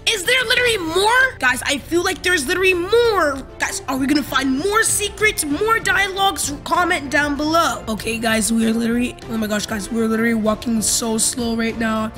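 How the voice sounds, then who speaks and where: High, bright excitable young woman. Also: brisk, hardly any pauses, faint music behind. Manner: breathless, repetitive, keeps saying "literally" and "oh my gosh". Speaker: gaming channel host. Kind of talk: excited gameplay commentary.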